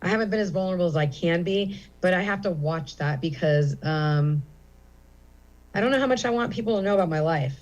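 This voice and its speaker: A woman's voice: lowish voice, fairly quick, a little mellow, highs cut off. Candid, rambling middle-aged woman comedian. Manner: candid, rambling with many fillers. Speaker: comedian guest. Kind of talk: casual interview chat. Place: comedy theater.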